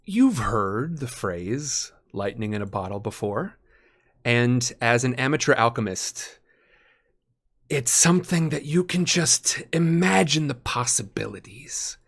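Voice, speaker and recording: A man's voice: mid-range voice, animated, a little slow, a bit bright. A man narrating a tabletop role-playing game as game master, painting the scene in vivid detail with frequent ums and uhs.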